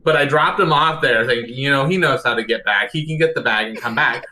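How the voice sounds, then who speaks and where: Bright-voiced man, casual podcast co-host, laughing defensive manner. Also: medium pitch, brisk, a little hiss or hum. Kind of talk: casual chat.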